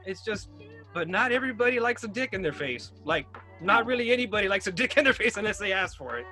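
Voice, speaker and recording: A man's voice: high-pitched, expressive, quick pace, pushed and bright, faint music behind. A man hosting a casual podcast chat, crude and joking, laughing often. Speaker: podcast host.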